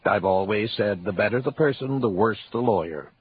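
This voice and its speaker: An actor playing a blunt, weary judge in his eighties in a radio drama, gruff and dry. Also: on the low side, animated, normal speed, close to an everyday voice. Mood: stern. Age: 80s. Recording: dull lo-fi radio broadcast with faint hiss.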